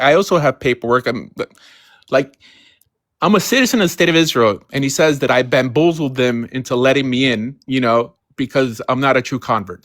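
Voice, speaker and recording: A man's voice: mid-range voice, a bit bright, dry recording, studio quality. A man on a casual live stream explaining his views earnestly, often adding "you know" and "right". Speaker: guest.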